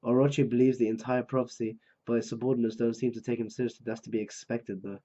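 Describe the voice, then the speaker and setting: An excitable man reads a manga aloud and reacts live, often bursting into loud outcries. His voice is mellow and dark. The recording sounds dull and lo-fi. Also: medium pitch, fast.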